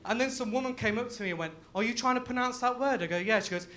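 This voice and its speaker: A young man from Leicester doing a live stand-up set, loud and laughing, full of crude banter with the crowd. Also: very high-pitched, racing. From Leicester, England. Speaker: stand-up comedian.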